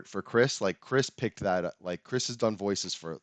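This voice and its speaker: A young man with a very low voice talks loosely, laughing and trailing off mid-thought, swearing as he goes. The sound is close and dry, with no room around it. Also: moderate pace, no echo. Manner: laughing, rambling, swears casually. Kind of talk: casual chat.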